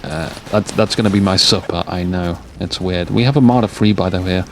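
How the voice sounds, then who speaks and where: A man's voice: low-pitched, a little fast. A tired man casting a strategy war game late at night, rambling and joking between calls of the action, with game noise behind him. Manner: rambling, jokey, drifts off topic. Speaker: game caster. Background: game sounds of gunfire and vehicles.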